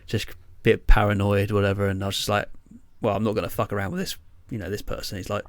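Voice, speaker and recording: A man's voice: lowish voice, flat delivery, quick pace. A young man co-hosting a podcast, telling stories in a rambling, casual way full of fillers and swearing. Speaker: podcast co-host. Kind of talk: casual chat.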